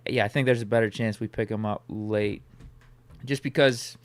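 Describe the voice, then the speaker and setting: A man's voice: fairly low pitch, steady tone, normal speed, no echo. A man hosting a sports podcast, chatting in an easygoing way with a dry sense of humor. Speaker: podcast host. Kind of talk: casual sports chat.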